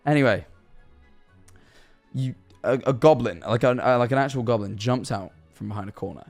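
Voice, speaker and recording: Rambling young streamer. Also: male voice, mid-range voice, moderate pace, a little mellow, faint music behind. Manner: rambling, hypothetical storytelling, reacting to chat. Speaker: livestreamer. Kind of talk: casual live-stream chat.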